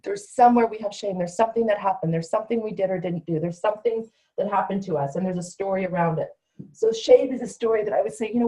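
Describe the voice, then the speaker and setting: A woman's voice: mid-range voice, fast talker, warm tone, low-quality recording. A middle-aged woman coach teaching a certification class in a conversational, emphatic way, sometimes acting out what her clients say. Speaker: coach trainer.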